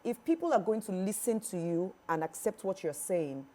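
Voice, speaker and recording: A woman with a Nigerian accent, a public speaking trainer, answering interview questions in a lively way and often acting out quoted voices. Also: mid-range voice, moderate pace. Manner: animated, acts out quoted voices.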